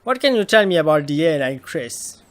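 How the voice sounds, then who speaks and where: A man's voice: on the high side, big pitch swings, moderate pace, fairly bright tone. A man voicing a young male detective who asks direct questions. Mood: probing.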